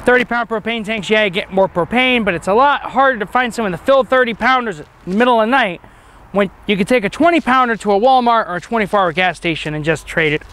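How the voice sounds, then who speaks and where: A man's voice: high-pitched, fast talker, sharp tone. A man giving an upbeat, chatty walkaround tour of a travel trailer outdoors at an RV dealership. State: has the hiccups. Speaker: RV dealership salesman.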